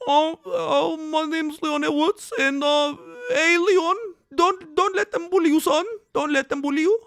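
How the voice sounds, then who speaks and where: A man's voice: very high-pitched, steady tone, unhurried, vocal fry, a bit bright, no room sound, voice pushed up, heavily acted. A man voicing a male fighter who pumps himself up in a mirror, in a clumsy, exaggerated British accent and with repeated tag questions. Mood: mock-tearful.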